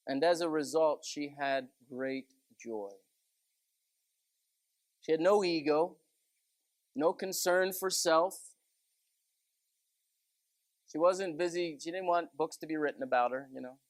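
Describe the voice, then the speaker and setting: A man's voice: fairly high pitch, takes it slowly, long pauses, darkish tone, no echo. A man giving a chatty, conversational sermon full of stories and asides. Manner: folksy, chatty, many asides of "you know". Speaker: preacher.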